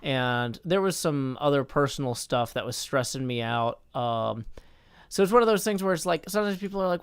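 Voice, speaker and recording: A man's voice: on the high side, animated, a little fast, clear, resonant tone. Tired man rambling on a live stream. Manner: rambling, self-correcting, reads chat aloud. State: tired from little sleep. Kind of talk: casual live-stream chat.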